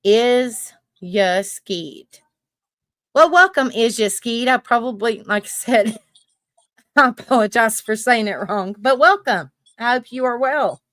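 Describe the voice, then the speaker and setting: A woman's voice: on the high side, moderate pace, sharp tone, no echo, studio quality. Chatty Southern woman in her thirties. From South Carolina and Tennessee, US. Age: 30s. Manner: chatty, apologetic, laughs often. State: coughing from allergies. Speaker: livestream host. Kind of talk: casual live chat.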